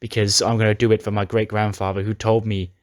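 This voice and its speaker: Brief: man playing a brash pro wrestler mid-promo, cocky and taunting, fairly low voice, dry close sound. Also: level tone, quick pace, dry recording, close to an everyday voice. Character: boastful male pro wrestler cutting a promo.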